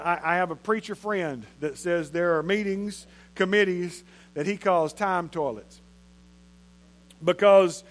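A man, preaching a sermon in a conversational way and repeating phrases for emphasis. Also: high-pitched. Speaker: pastor.

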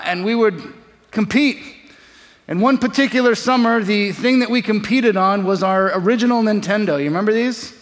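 High-voiced pastor in a reverberant hall. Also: male voice. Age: 40s. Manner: animated storyteller, turning quiet and reflective. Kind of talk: sermon.

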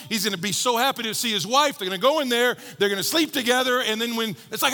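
A man preaching a sermon, telling a story with lively quoted voices and shifting from bold to hushed. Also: very high voice, quick pace, hardly any pauses, long reverb tail. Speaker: pastor.

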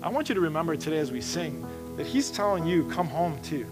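A man's voice: on the high side, sing-song, fast, music in the background. A man preaching a sermon in a church, earnest and conversational, often restarting his sentences as he roams the stage. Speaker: pastor. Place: church sanctuary.

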